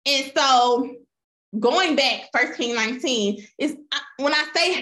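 A woman preaching a sermon, retelling scripture with lively voiced quotes and calling out to her listeners as y'all. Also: high voice, a little slow. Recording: roomy echo.

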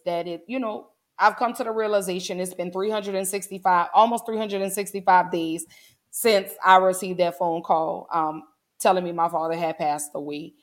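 A woman in her forties hosting a casual livestream, talking earnestly to her viewers and holding back tears. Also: medium pitch. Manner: earnest, heartfelt, many "um"s, addresses chat as "y'all". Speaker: livestream host.

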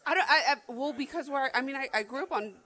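A woman's voice: high voice, fast talker, pushed and bright, rough recording. Woman in her 30s, from arizona, casual podcast chat, rambly with tons of "like"s. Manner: rambling with many filler "like"s and restarts. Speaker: podcast co-host.

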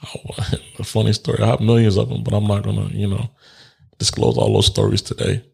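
A man's voice: fairly low pitch, big pitch swings, a little fast, gravelly, darkish tone, husky. A man telling a personal story in a candid, reflective way, laughing often and swearing casually as he works through grief. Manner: reflective and grieving.

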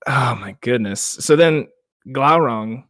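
Young male podcast co-host, casual, animated storyteller, dry mic. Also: mid-range voice, slow, no room sound. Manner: animated retelling, acts out quotes, laughs often. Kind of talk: casual book discussion.

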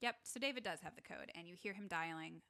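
A young woman co-hosting a podcast casually recaps a film scene by scene, acting out the characters' lines. Her rather low voice is fast, bright, and forceful, with vocal fry.

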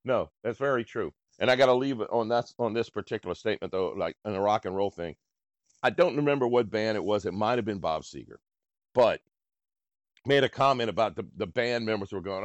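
A man's voice: on the low side, brisk, no echo, dull audio. Older New man hosting a podcast. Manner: rambling, laid-back, drawling. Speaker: podcast host. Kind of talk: casual chat and read ads.

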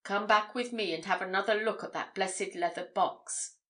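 A woman reading the part of a genial male police detective who talks in a brisk, jovial, commanding way. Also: mid-range voice, sharp tone, close to an everyday voice.

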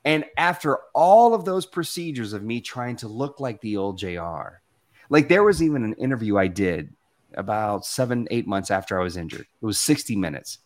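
A man's voice: lowish voice, animated, normal speed. A man from the Southern United States, speaking as a guest in a conversational, motivational storytelling talk. He acts out the voices he quotes.

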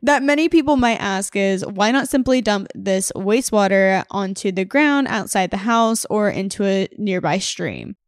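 A woman's voice: medium pitch, animated, moderate pace, hardly any pauses, dry recording, studio quality. Jokey Southern woman podcast host. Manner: jokey, blunt, explains from research notes. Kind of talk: casual chat.

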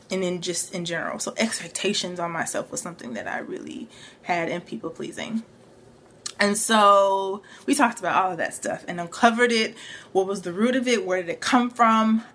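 Young woman, earnest vlog testimony, lowish voice, faint room hiss. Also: a bit bright. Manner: earnest, reflective, filler-heavy. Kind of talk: personal testimony.

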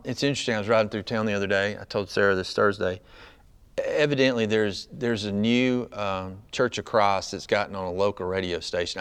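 A pastor preaches in a conversational style, frequently asking the congregation "right?" as he builds toward loud, high-pitched emphasis.

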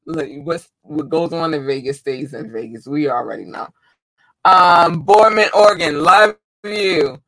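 An excitable man with a high, bright voice shouts out listeners in a casual chat, effusive and full of warm, gushing energy. He talks slowly and often stumbles over unfamiliar place names. The audio is poor, close and dry, with no room sound.

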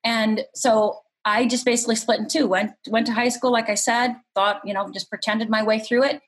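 A middle-aged woman from Upper Michigan, telling a painful personal story as a podcast guest in a candid, unhurried way. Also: fairly high pitch, steady tone. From Upper Michigan, USA.

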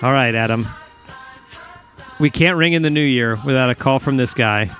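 A man's voice: mid-range voice, normal speed, a bit bright, soft background music. A man co-hosting a podcast in casual chat, friendly and encouraging. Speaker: podcast co-host.

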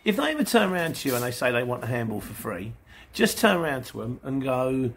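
A man's voice: mid-range voice, big pitch swings, fast, fairly bright tone, slight background noise. A man, a van delivery driver, chatting casually to viewers in a rambling way and acting out exchanges with customers. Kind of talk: casual vlog answering viewers.

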